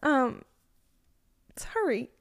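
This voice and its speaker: Podcast co-host, woman, 30s, fairly high voice, chatty and candid, filler-heavy delivery. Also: big pitch swings, drawn-out words, vocal fry. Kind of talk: casual podcast chat.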